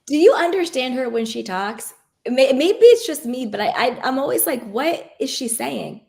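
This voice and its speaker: Higher-pitched woman cohost, chatty, lots of mm-hmms and likes. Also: lively intonation, warm tone, breathy edge. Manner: quick, agreeable, with filler "like" and "mm-hmm". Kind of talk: casual chat.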